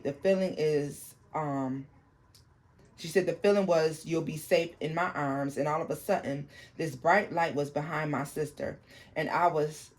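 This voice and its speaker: A host reads out a viewer's paranormal account in a halting way, often restarting sentences and breaking off to explain them to the audience. The voice sits at a middle pitch. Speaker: tarot channel host. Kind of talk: reading a viewer's paranormal story aloud.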